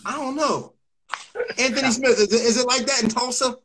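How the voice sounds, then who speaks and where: A man with a high voice chats as a guest analyst. He is laid-back and easygoing, and he laughs along with the others. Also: steady tone, a little fast, a crowd in the background. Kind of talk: casual chat.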